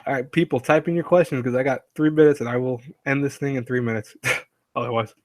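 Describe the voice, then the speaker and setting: A man's voice: mid-range voice, steady tone, fairly quick, dry recording, clean studio sound. A man hosting a casual live stream, rambling and chatty, laughing often and reading chat aloud.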